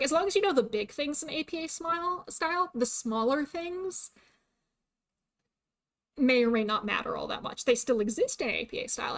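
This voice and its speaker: A young adult woman streaming casually, chatty with many fillers and frequent laughs, her voice starting to tire. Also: a little high. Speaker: VTuber streamer. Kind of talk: casual livestream chat.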